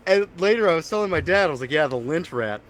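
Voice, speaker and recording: A young man hosting a casual podcast, telling rambling stories and getting loud and animated when excited. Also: on the high side, quick pace. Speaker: podcast host. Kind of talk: casual chat.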